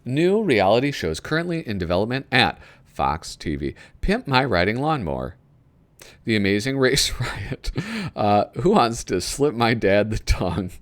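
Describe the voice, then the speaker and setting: A man's voice: fairly low pitch, big pitch swings, moderate pace. A man hosting a casual video, reading aloud from a magazine and rambling about it with frequent chuckles. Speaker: video host flipping through a magazine. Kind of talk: casual commentary.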